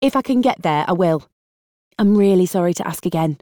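A woman reading an audiobook, voicing a harried young woman with a British accent who juggles phone calls while driving and talks in a brisk, exasperated way. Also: on the low side, lively intonation, warm tone, no echo, clean studio sound, lightly acted. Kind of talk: audiobook character voice.

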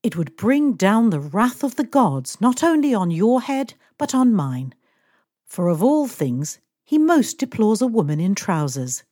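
A woman's voice: mid-range voice, very animated, a little slow, a little mellow, no room sound, clean studio sound. A woman reading aloud, voicing a languid, fussy wealthy middle-aged lady who complains and gives orders to her employee. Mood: languid, complaining. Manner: languid and complaining, a little imperious.

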